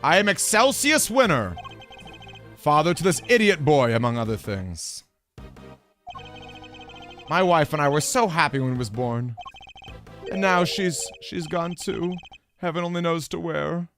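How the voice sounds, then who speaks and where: A man putting on a weepy, sentimental old gentleman. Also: on the high side, lively intonation, unhurried, long pauses, soft background music. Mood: genial. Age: older. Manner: tearful, fatherly, theatrical. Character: sentimental old man, former chief prosecutor.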